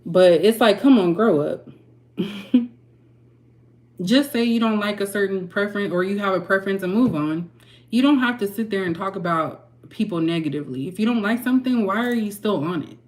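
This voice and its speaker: A woman tarot reader and channel host, ranting frankly and heatedly to her viewers and clearing her throat often. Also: mid-range voice, normal speed, a little mellow. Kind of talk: candid ranting vlog.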